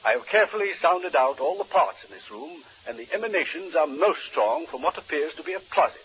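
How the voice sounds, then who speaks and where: A formal, precise doctor investigating a haunted room, giving his report in stiff, measured phrases. His fairly high voice rises and falls a lot, and it comes through a dull, lo-fi old radio recording with faint hiss. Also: animated, husky. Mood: earnest. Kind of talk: 1940s radio drama acting.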